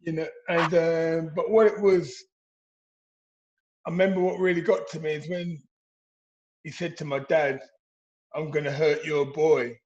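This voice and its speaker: A middle-aged man from England tells stories as a podcast guest, in a high voice. He keeps restarting his sentences as he goes. The recording sounds muffled and lo-fi. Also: normal speed, pauses often. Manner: animated storytelling with repeated restarts. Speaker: interview guest, former boxer. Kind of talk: casual interview.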